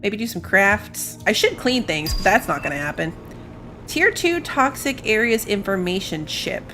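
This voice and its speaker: Music plays in the background as a sing-song, mid-range female voice chats at a moderate pace. The speaker, a tired gaming streamer with school-age kids, rambles through casual let's-play commentary, yawning every so often.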